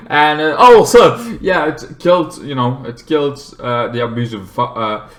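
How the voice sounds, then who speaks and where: A man's voice: normal speed, hardly any pauses, a bit bright. A man giving a casual, rambling movie review, full of fillers and restarts. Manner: rambling, with fillers and squeaky exaggerated quote voices.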